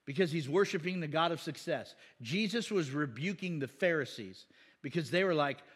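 A man delivering a sermon in a loose, conversational way, tossing in asides and chuckles. His voice sits a little higher than most men's. A long reverb trails each phrase, as in a big hall. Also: animated, normal speed, fairly bright tone, slightly rough. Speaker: pastor.

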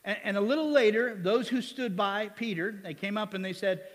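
A man's voice: high-pitched, normal speed. Pastor guy giving a sermon, chatty, cracks jokes, asks the crowd questions, big echoey church sound. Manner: conversational, joking, asks the congregation questions. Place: church sanctuary.

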